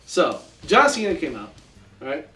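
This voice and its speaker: A man co-hosting a casual podcast, retelling events with animated acted-out quotes. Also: fairly high pitch, unhurried, echoey room, far from the mic, soft background music. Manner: animated storyteller, acts out quotes. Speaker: podcast co-host. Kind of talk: casual recap chat.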